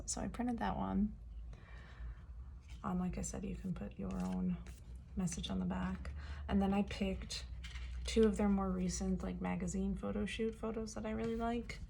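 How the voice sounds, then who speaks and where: A woman chatting casually as a fan vlogger, hoarse and losing her voice, with lots of fillers and soft laughs. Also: mid-range voice, slight background noise. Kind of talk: casual chat.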